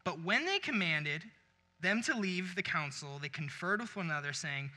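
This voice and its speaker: A man's voice: high voice, expressive, normal speed, sharp tone. A young man preaching a sermon, telling a story with acted-out quotes and laughing along. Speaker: pastor. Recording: long hall reverb.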